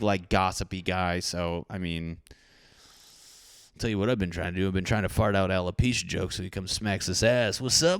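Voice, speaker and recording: Low-voiced man ranting on a podcast. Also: clear, resonant tone, dry recording. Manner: profane, rambling, puts on comic voices. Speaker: podcast host. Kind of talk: solo podcast rant.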